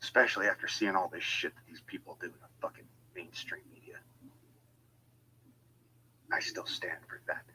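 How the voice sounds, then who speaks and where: Deep-voiced, furious, swearing man. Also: normal speed, pauses often, bright, forceful tone, slight background noise, low-quality recording. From United States. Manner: heated, profane and confrontational. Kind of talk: angry monologue.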